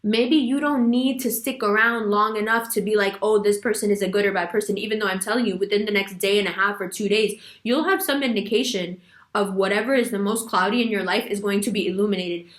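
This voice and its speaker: A woman's voice: medium pitch, a little fast, a bit bright. A woman giving a casual tarot reading, talking bluntly in slang and leaning hard on her words. She laughs easily mid-sentence, and her voice rings in a roomy, echoey space. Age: adult with a son. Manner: frank, slangy, emphatic; laughs often while talking. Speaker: tarot reader.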